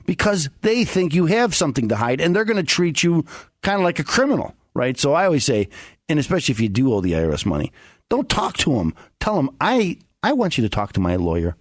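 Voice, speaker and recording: A man in a casual radio talk, a tax attorney giving advice. His voice sits a little high and swings widely in pitch, and he laughs easily. The studio sound is dry, with no room echo. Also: fast. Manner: chatty and animated, laughs often.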